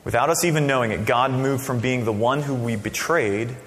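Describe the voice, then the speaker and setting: A man preaching a sermon as a pastor, casual and conversational, with sudden loud bursts. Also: medium pitch, brisk. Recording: long reverb of a hall.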